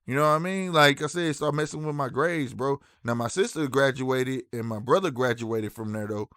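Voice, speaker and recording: A man's voice: mid-range voice, normal speed, a bit bright, no room sound, clean studio sound. A man with a St. hosting a talk stream, chatting loosely to his live chat and dropping "bro" and "you know what I'm saying" all the time. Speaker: streaming show host.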